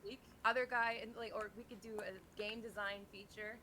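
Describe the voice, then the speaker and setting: A bubbly woman hosting a group voice chat, talking fast and tumbling from one idea to the next. She giggles often. A faint hum sits under her voice. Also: fairly high pitch, steady tone. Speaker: streamer host.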